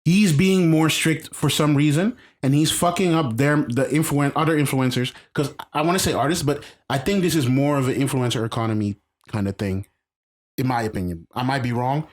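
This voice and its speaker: A man's voice: mid-range voice, brisk. A man co-hosting a casual podcast, talking emphatically, repeating himself and restarting sentences. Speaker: podcast co-host. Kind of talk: casual chat.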